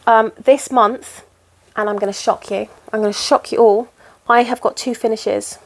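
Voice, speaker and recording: A woman's voice: on the high side, steady tone, normal speed. Chatty woman stitching and rambling. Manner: rambling, chatty and self-deprecating. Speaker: cross-stitch vlogger. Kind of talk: casual chat while stitching.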